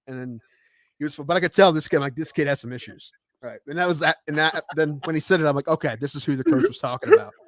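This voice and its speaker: Man, 30s, podcast co-host; fast, animated storyteller, dry mic. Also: a little high, no room sound. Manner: storytelling, animated quoted voices. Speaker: podcast co-host, baseball umpire. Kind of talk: casual chat.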